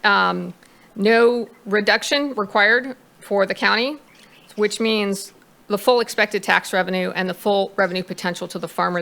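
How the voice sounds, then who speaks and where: A woman's voice: medium pitch, creaky, a bit bright. A woman consultant presenting to a planning commission, reading out figures with a few fillers. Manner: reads out figures, with some fillers.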